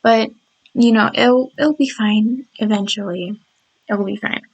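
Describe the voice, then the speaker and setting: A tired woman with a slightly croaky, scratchy voice, chatting casually over a video of her game build and rambling with lots of restarts. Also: on the high side, fairly even intonation, unhurried. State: tired and yawning.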